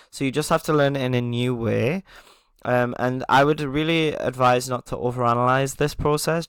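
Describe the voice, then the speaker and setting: Gravelly-voiced man teaching a language class. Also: medium pitch, fairly bright tone, dry recording, studio quality. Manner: explains patiently, often checks in with "okay?"; chuckles at himself. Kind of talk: beginner language lesson.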